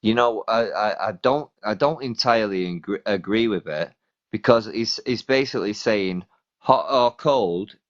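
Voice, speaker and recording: A man's voice: fairly low pitch, measured pace. A British man hosting a live stream, chatting casually and hesitantly, often restarting his sentences. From Britain. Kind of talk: casual chat. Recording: dull lo-fi live stream audio.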